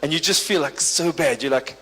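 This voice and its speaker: A man's voice: a little high, fairly quick, pushed and bright, husky. A man doing stand-up as the MC of a corporate party, teasing the audience in a dry, bantering way. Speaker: comedian and event MC. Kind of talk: live stand-up crowd work. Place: large hall at a corporate function. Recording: long hall reverb.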